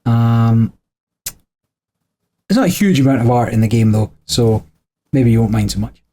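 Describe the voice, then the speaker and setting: A podcast co-host explains board game rules in a chatty, animated way, with frequent small laughs. His mid-range voice is warm and moves at a moderate pace.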